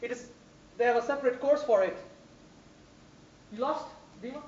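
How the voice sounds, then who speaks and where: A woman's voice: fairly high pitch, moderate pace, a little hiss or hum. A woman trainer lectures a class, leaning hard on single words and repeating herself for emphasis. She sounds far from the microphone in a very echoey room. The sound is dull and muffled. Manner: animated, emphatic, repeats phrases for stress. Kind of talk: classroom instruction. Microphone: distant room microphone.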